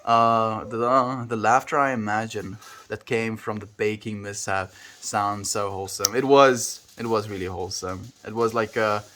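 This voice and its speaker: A man with a South African accent, chatting casually with viewers on a livestream from home, relaxed and playful with how words sound. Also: fairly low pitch, unhurried, a little hiss or hum.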